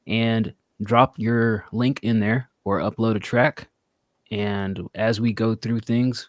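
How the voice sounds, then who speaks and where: A man's voice: fairly low pitch, dry recording, clean studio sound. A man hosting a casual live-stream show, playful and fond of long explanations. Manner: playful, explains things at length. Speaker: podcast host.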